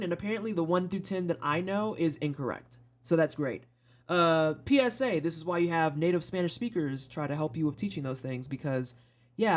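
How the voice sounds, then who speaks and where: A streamer with a Midwestern American accent, chatting casually and frankly while playing game demos, rambling into asides and swearing freely. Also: mid-range voice. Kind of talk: casual live-stream commentary.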